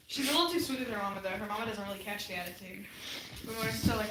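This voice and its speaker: A woman chiming in quietly off to the side, reading comments aloud during a livestream. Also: mid-range voice, quick pace, distant mic, crowd noise. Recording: off-mic in an echoey room with noise.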